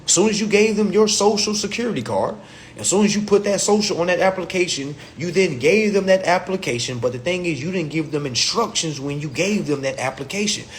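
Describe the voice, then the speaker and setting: Animated man ranting on a livestream. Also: sits high. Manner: animated, profane street slang, acts out little dialogues. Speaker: host of a livestream. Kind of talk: casual livestream rant.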